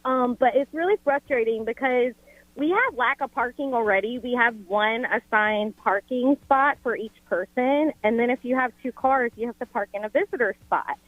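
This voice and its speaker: A woman calls in to a morning radio show over a tinny phone line, venting her grievance with plenty of "like" and little pauses. Her voice sits a touch high and sounds dry and close. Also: dry recording. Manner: exasperated, filler-heavy storytelling. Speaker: caller. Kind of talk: casual call-in chat.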